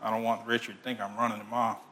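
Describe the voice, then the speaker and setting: Guy pastor preaching, bright clear voice, chatty, goes real quiet sometimes. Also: on the low side, flat delivery, fast, a little hiss or hum. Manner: conversational preaching, drops to near-whisper at times. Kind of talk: sermon.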